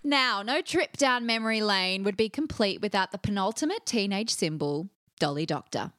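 A woman's voice: medium pitch, normal speed. A woman, co-hosting a casual podcast and reading segment introductions. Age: 30s. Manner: lively, giggly, reads segment intros. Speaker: podcast co-host. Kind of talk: casual chat.

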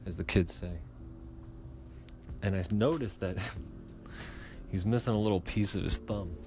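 Low-voiced man telling a rambling comic story. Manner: rambling, profane, chatty asides.

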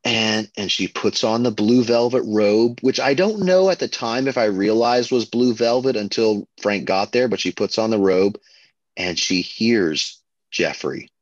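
A man co-hosting a podcast, chatting casually and excitedly about a film, full of fillers and restarts. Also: fairly low pitch, a little slow, dry recording, dull audio. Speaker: podcast co-host.

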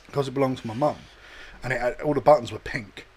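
Speaking quickly in a medium-pitched, slightly rough voice, a young man rambles through crude stories while bantering casually with friends. Profanity comes often, and so do silly voices.

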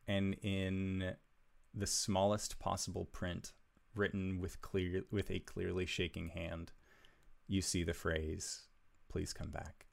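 Very slow, deep, gravelly game master. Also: male voice. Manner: slow, measured, hushed storytelling. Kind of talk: narrating a tabletop game.

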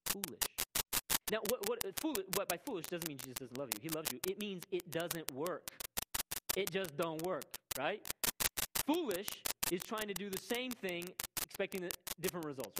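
A man's voice: sits high, low-quality recording. A man preaching a sermon, emphatic, repeating key words and checking in with "right?". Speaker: pastor. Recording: loud music behind voice.

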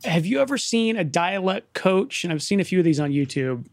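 A man's voice: sits high, very animated, brisk, a little hiss or hum. An American man chatting casually as a podcast co-host in a laid-back way. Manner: easygoing, laid-back, says "dude". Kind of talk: casual chat.

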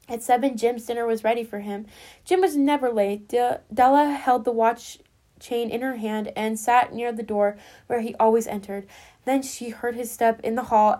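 Fairly high-voiced woman reading a story. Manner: gentle, addresses listeners as friends.

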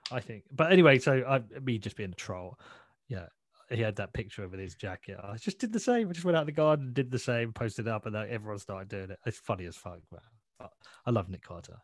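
A man with a fairly low voice speaks bluntly and swears freely, rambling and restarting as he works through his thoughts. The sound is dry and close, with no room around it. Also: animated, brisk, no echo. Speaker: podcast guest. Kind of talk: casual interview chat.

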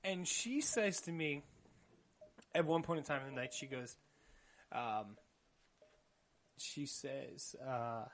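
A young man telling an awkward dating story in a casual podcast chat, animated and often laughing. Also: medium pitch, slow, long pauses, slight background noise. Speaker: podcast co-host.

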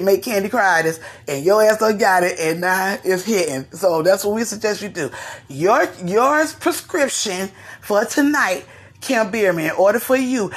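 A woman host, giving sassy, animated gossip commentary straight to her listeners. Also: mid-range voice, slightly rough.

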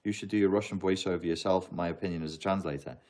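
A man with a notably deep, low-pitched voice talks casually to his livestream audience. He reads viewer questions aloud and answers with a mix of joking asides and earnest advice, laughing often. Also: steady tone, fast talker, darkish tone, soft background music.

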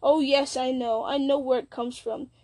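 A woman's voice: high-pitched, fairly even intonation, moderate pace, darkish tone, lightly acted. A woman reading the lines of a bitter, scornful old male wizard, with a sneering, mocking manner.

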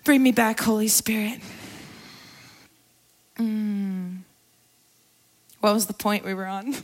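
A woman's voice: medium pitch, slow pace. A young woman sharing a candid personal testimony at a church gathering, talking casually and laughing often as she preaches. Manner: candid, conversational, laughs often, tearful at times. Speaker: guest speaker at a church gathering.

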